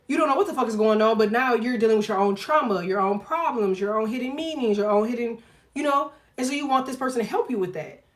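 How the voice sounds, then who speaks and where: Woman, slightly high voice, tarot livestreamer, casual and foul-mouthed, laughs a lot. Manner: profane, blunt and jokey, laughs often; talks to viewers directly, reads chat aloud. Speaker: tarot reader.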